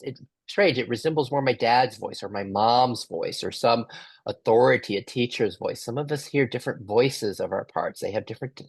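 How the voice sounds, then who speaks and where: Husky man musing through questions. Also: medium pitch, dry recording. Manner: musing, questioning, with many restarts. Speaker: workshop facilitator. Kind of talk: guiding a group workshop.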